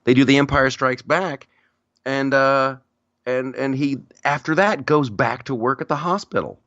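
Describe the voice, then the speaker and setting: A man hosting a podcast in casual chat, telling stories in a rambling, animated way with frequent restarts. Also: mid-range voice, measured pace, no room sound, highs cut off. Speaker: podcast host.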